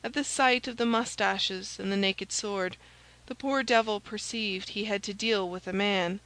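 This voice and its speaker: Woman audiobook narrator, steady, even delivery. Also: mid-range voice, a little slow, poor audio. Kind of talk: scripted narration.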